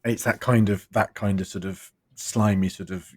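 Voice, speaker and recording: Rambling man, lowish voice. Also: steady tone, normal speed, darkish tone. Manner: rambling, searching for words, laughs. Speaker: podcast co-host. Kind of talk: casual behind-the-scenes chat.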